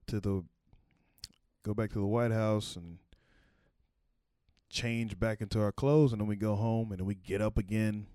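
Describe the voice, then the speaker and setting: A man's voice: on the low side, dark tone, clear, resonant tone, no echo, clean studio sound. A man telling a loose, rambling story in casual chat, with profanity and laughing asides. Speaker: former White House camera operator.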